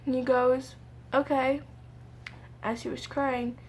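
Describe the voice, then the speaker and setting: A woman's voice: a little high, flat delivery, a little hiss or hum. Tearful young woman telling a sad story. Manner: halting, tearful retelling with many fillers. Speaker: vlogger. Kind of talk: emotional storytime vlog.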